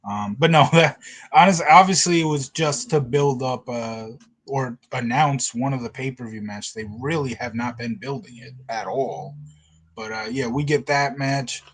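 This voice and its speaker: Male host, mid-pitched voice, casual recap chat that keeps breaking into acted-out quotes and laughter. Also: moderate pace. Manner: animated retelling, acts out quotes, laughs often. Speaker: podcast host.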